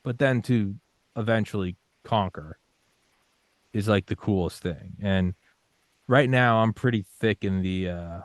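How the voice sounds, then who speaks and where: Deep-voiced young man, intense and profane. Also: unhurried, no echo. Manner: intense, swearing, acts out his own panicked inner voice. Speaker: podcast guest. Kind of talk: casual interview talk.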